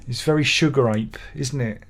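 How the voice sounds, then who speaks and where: A man's voice: mid-range voice, normal speed. Sardonic rambling man. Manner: rambling, sardonic and grumbling, with mock-exasperated asides. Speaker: livestream host reading viewer comments. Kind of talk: casual live-stream chat.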